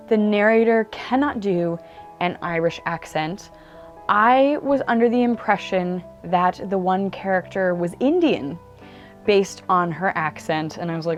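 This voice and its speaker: A woman's voice: medium pitch, a little slow, faint music behind. A woman talking casually about books she has read, chatty and enthusiastic, with lots of "like" and "um". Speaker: book vlogger. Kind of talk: casual book review monologue. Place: indoors at home. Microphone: camera mic.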